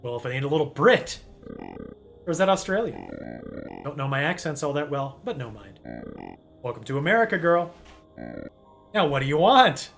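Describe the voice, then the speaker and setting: A man voicing a gruff, folksy office worker on a phone call, drawling and calling the caller girl. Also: a little high, animated, normal speed, pauses often, a bit bright, soft background music.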